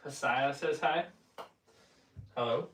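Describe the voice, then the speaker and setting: A man's voice: medium pitch, slow, noisy background. A man with a Northern Irish accent, a bit congested, casually chatting on his livestream and reading out viewer comments with plenty of fillers. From Northern Ireland. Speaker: livestream host.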